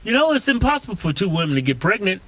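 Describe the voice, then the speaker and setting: A man co-hosting in casual banter, loud and joking, laughing often. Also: sits high, very animated, quick pace, a little hiss or hum. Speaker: co-host.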